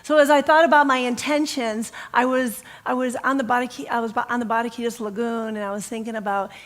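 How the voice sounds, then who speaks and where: A middle-aged woman minister giving a casual storytelling sermon, animated and laughing as she acts out dialogue. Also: on the high side, quick pace.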